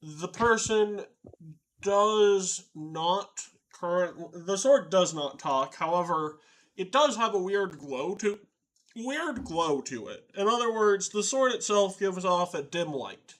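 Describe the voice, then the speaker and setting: A man's voice: high voice, expressive, fairly bright tone. A man running a tabletop game as game master, explaining rules and lore in a chatty way. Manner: chatty, explanatory, quick to laugh.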